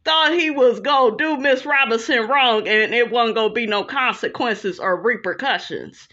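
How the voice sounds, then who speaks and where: A woman's voice: a little high, moderate pace, bright, forceful tone. A woman giving blunt, profane commentary on her channel, often asking "okay?" to drive a point home. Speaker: reality TV commentator. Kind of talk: casual commentary. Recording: dull lo-fi recording.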